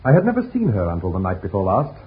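A cheerful young Corsican son in a vintage radio play, eager and quick to laugh. His pitch moves in lively leaps. It comes through a tinny, narrow broadcast sound. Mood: jovial. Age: young adult. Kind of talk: 1940s radio acting.

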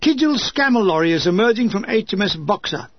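A man reads his own war memoir aloud, lyrical one moment and wry the next, with comic asides. His voice sits high. The recording is dull and dry, with no room sound. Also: expressive, a little fast, no room sound. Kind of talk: audiobook reading with comic asides.

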